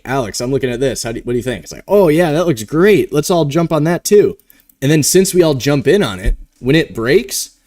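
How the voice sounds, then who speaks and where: A man's voice: mid-range voice, darkish tone, no echo, clean studio sound. A man hosting a live trading stream, talking casually and rambling, with the odd yawn. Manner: rambling, conversational, yawning now and then.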